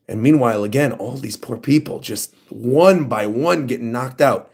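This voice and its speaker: A man streaming a casual manga reaction, reading panels aloud and commenting in an excitable, animated way. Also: medium pitch, moderate pace, hardly any pauses, husky. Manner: excitable, animated, reads lines in funny voices.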